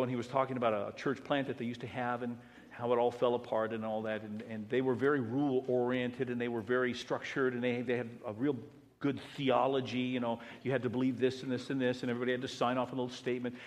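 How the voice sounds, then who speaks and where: A male pastor preaching a sermon, swinging between loud emphatic passages and hushed ones. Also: medium pitch, little pitch movement, quick pace. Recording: long reverb of a large hall.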